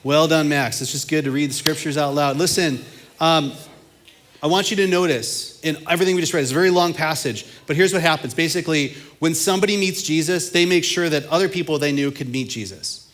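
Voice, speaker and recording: A young man preaching a casual, energetic sermon to students, talking conversationally. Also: on the high side, fairly quick. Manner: animated, conversational, acts out quotes. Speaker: youth pastor.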